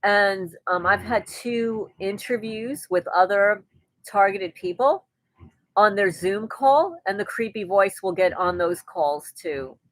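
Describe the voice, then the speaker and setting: A woman's voice: medium pitch, expressive, slow pace, no room sound, poor audio. A woman hosting a casual live stream, reading viewers' comments aloud and answering them in a chatty way. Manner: chatty, with frequent restarts and light laughter.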